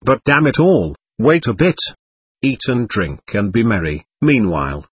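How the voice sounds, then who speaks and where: A man reading the lines of a restless, generous young man in an audiobook, with a husky voice. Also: on the low side, sing-song, measured pace, dry recording, heavily acted. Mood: eager.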